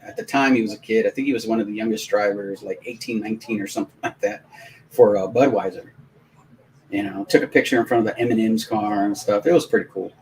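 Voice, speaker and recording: A man hosting a live stream, telling a long, rambling anecdote in casual, animated talk with many restarts. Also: on the low side, quick pace, slight background noise, low-quality recording. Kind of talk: casual storytelling on a live watch-along stream.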